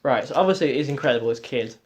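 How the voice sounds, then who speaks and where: Teen male co-host, Northern English accent, rambling and hesitant, mid-pitched voice. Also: lively intonation, very fast, a little hiss or hum. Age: teens. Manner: hesitant, rambling, many restarts. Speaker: podcast co-host. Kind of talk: casual chat.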